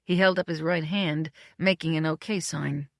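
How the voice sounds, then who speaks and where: An audiobook narrator reading a novella in a brisk, even storytelling manner. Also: medium pitch, gravelly, no room sound, studio quality. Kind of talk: scripted narration.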